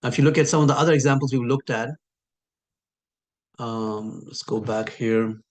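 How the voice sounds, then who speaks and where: A man teaching a recorded lesson who patiently repeats key sounds and draws words out slowly for emphasis. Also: mid-range voice, darkish tone. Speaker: Arabic teacher.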